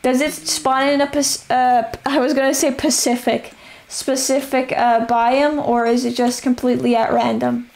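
Young woman gamer, hoarse, gravelly fry, rambling self-narration. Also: high voice, flat delivery, moderate pace, hardly any pauses, a little mellow. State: voice going hoarse. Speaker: streamer playing a survival game. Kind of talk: casual live-stream chatter.

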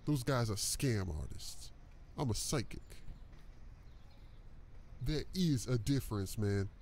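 A man's voice: medium pitch, slow pace, slight background noise. A man doing a slangy street psychic. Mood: hustling. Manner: slangy, laid-back hustler talk. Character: hustling streetwise male psychic fortune teller. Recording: game audio with loud music behind.

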